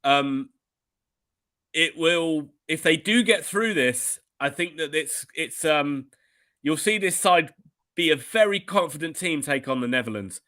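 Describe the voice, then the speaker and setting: A British man works as a resident soccer analyst on a live stream. He talks bluntly and emphatically, stumbling over restarts. His voice sits a touch high and sounds bright and forceful. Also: animated, unhurried. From Britain.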